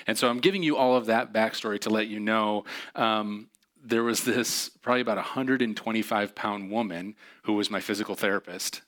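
A man's voice: on the low side, fairly quick, fairly bright tone. A man telling a personal story in a chatty, self-deprecating way, with many fillers.

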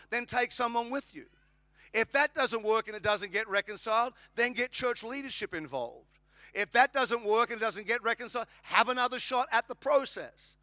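A man's voice: high voice, pushed and bright, no echo. An Australian man preaching a sermon, emphatic and humorous, with lots of repetition. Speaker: pastor.

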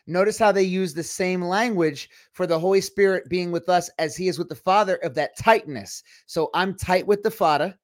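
A man hosting a Christian livestream show, talking in a chatty, rambling way with quick asides. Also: sits high, dry recording, studio quality. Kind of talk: casual livestream chat.

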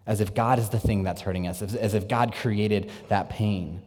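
Male preacher, lowish register, earnest sermon delivery with quiet intense drops, long hall reverb. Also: moderate pace. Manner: earnest preaching, swings from energetic to hushed and intense.

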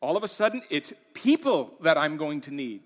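A man preaching a sermon in a church, animated, acting out the quoted lines with rising intensity. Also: on the high side, moderate pace, long reverb tail. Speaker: pastor.

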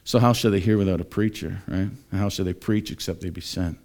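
A man preaching a sermon, sometimes mocking scoffers in high, exaggerated voices. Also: steady tone, fast, darkish tone. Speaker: pastor. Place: church.

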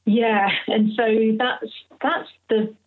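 A woman's voice: on the high side, little pitch movement, takes it slowly, noisy background. A woman in her thirties, an interview guest, telling a personal story candidly and with feeling, acting out what others said. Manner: candid, emotional, acts out others' speech. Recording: phone-like narrow audio.

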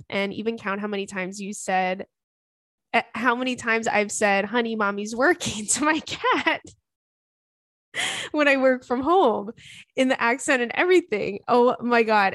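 Blunt, animated woman podcast host. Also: mid-range voice, no room sound, studio quality. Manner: blunt, animated, swears freely. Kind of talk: casual podcast chat reading a listener letter.

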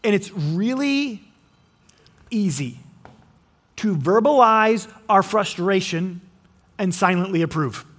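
Pastor guy preaching, really high voice for a man, acts out lines, trips over his words and restarts. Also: slow pace, long pauses. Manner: animated, acts out quoted voices, frequent restarts. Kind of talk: sermon.

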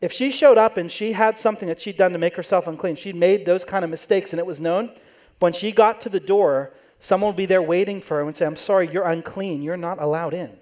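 A man's voice: high-pitched, a little fast, a little mellow. A man preaching in church, telling the story conversationally and acting out the quoted voices. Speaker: pastor. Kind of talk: sermon.

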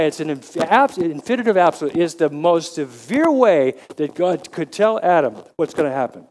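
A man in his seventies preaching a sermon, halting with frequent restarts, then rising to emphatic questions. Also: sits high, animated, darkish tone. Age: 70s. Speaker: lay preacher.

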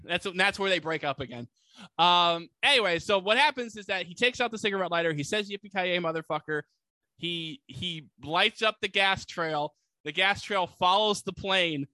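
A man's voice: high-pitched, normal speed, sharp tone, dry recording. A man co-hosting a casual podcast, animatedly retelling a movie plot and acting out quoted lines. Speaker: podcast co-host. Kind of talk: casual movie recap chat.

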